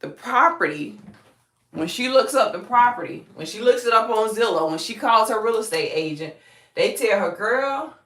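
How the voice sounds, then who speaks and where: A woman's voice: on the high side, expressive, normal speed, a bit bright, roomy sound. A woman real estate agent with a Southern accent teaches a live-streamed lesson in a folksy way, quizzing her viewers and calling them y'all.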